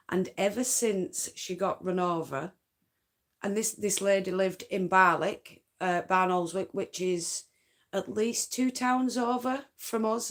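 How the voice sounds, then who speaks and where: A woman with a Yorkshire accent, chatting in a loose, rambling way on a late-night livestream from home. Her voice sits a little low, and she takes her time with each thought. Dialect forms slip into her everyday talk. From North Yorkshire, England. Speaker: craft livestream host. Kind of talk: casual late-night live chat.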